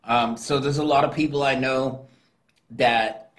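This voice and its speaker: A man speaking as a guest in a casual conversation, relaxed and conversational. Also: medium pitch, a little slow.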